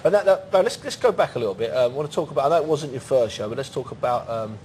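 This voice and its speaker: A man's voice: medium pitch, lively intonation, racing, darkish tone, a little hiss or hum. A man hosting a chatty interview, chiming in with eager, chummy remarks. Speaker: interviewer, host.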